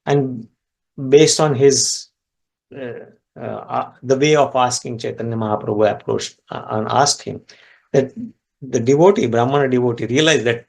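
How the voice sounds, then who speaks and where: A man teaches a scripture class at a middle pitch, with an animated storytelling delivery. His voice jumps up sharply at the emotional points of the story. He slows down to unpack Sanskrit words one piece at a time. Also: creaky. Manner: explains Sanskrit words step by step. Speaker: spiritual teacher.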